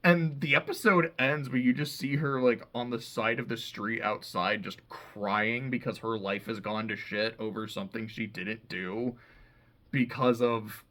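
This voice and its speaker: A man talking through a TV season in a relaxed, unscripted recap. His voice is bright and forward, mid-pitched. He rambles loosely, swears without a second thought and fills his sentences with "like.". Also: measured pace. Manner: loose and profane, heavy use of "like". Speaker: TV show reviewer. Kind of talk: casual episode recap.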